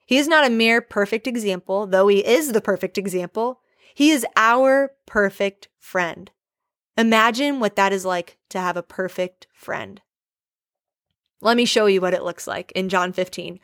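A woman prays and then teaches a Bible lesson in an earnest, conversational tone, often asking her listeners questions. Her voice sits at an ordinary middle pitch. The recording is dry and close to the microphone. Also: a bit bright, no room sound.

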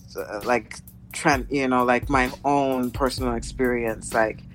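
Guest musician on a call, halting and unsure, lots of likes and ums, soft music behind. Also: mid-range voice, steady tone. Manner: hesitant, halting, many fillers and restarts. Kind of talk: casual interview chat.

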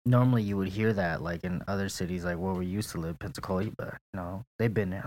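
A young man co-hosting a casual podcast, his voice sitting low. He talks in a laid-back way, swearing freely and laughing often. The sound is dry and close. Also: quick pace, hardly any pauses, a little mellow, no echo. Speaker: podcast co-host. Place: apartment in St. Petersburg, Florida.

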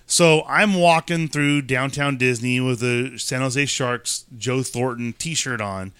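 A man in his thirties from California, co-hosting a casual chat and telling rambling stories with animated asides. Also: mid-range voice, takes it slowly, clear, resonant tone, no room sound. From California, USA. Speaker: podcast co-host.

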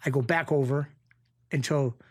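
A middle-aged man from Springfield, Massachusetts, telling stories as a podcast guest in a rambling, animated way with frequent restarts. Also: mid-range voice, moderate pace, slightly rough, no echo, clean studio sound. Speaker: podcast guest, former mob bookie. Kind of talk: casual storytelling interview.

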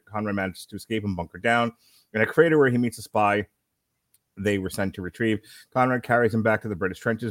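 Podcast co-host, male, lowish voice, halting plot read-through, dry close sound. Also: dry recording. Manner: halting read with self-corrections. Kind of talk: reading a film plot summary.

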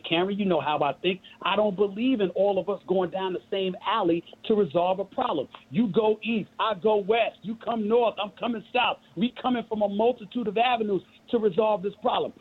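A middle-aged man with a New York accent comes through a thin, phone-like line, his voice a little husky. He argues with force and emphasis, repeating phrases to drive his point home like a sermon. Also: sits high, fairly quick, few pauses. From Queens, New York. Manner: forceful, emphatic and preachy, with repetition. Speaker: guest. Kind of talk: impassioned interview talk.

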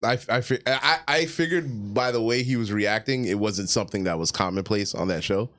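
Low-voiced joking male co-host. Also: moderate pace, a bit bright. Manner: joking, agreeable banter. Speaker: podcast co-host. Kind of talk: casual podcast chat.

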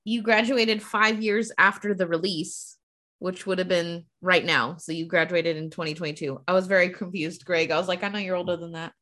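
A woman's voice: fairly low pitch, steady tone, moderate pace, pushed and bright. Teasing woman in casual chat.

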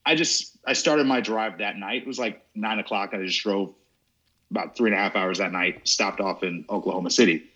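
A man on a podcast as a guest, telling a comic story in an animated way. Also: fairly low pitch, husky. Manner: animated, laughs as he tells it. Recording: dull lo-fi audio.

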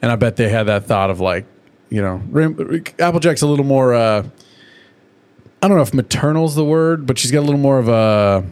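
A man's voice: mid-range voice, expressive, brisk, darkish tone, smooth. A man co-hosting a podcast in casual chat, swearing freely and acting out characters in raised voices. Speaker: podcast co-host.

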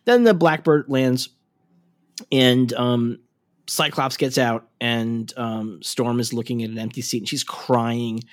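A man's voice: mid-range voice, slow pace. A man in casual chat recapping a cartoon episode, swearing freely and acting out the characters' lines. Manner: swears freely, laughs often, acts out lines. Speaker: podcast co-host.

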